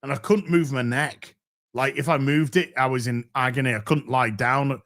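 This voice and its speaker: A man's voice: medium pitch, fairly even intonation, normal speed, a bit bright. A man hosting a live stream who chats casually to his viewers, swearing freely and often restarting his phrases. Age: middle-aged. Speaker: livestream host.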